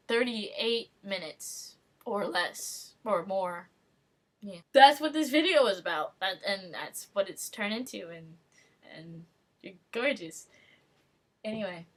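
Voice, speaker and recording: A woman's voice: fairly high pitch, fairly bright tone. A young woman vlogging casually to her viewers, rambling and joking at her own expense with frequent giggles. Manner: rambling, self-mocking, giggly. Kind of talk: casual webcam monologue.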